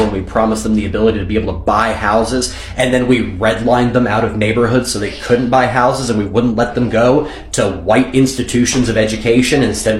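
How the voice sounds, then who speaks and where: Sarcastic, cursing commentator in an echoey room. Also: male voice, lowish voice, a little hiss or hum. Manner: sarcastic, profane, scolding. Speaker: reaction video host. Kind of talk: reaction commentary.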